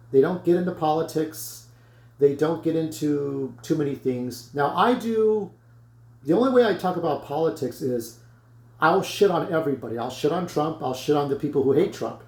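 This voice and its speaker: Male vlogger, blunt rant, curses freely; slightly high voice, echoey room. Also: a little mellow. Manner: blunt, rambling, swears freely. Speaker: YouTuber vlogging to camera. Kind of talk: casual rant to camera.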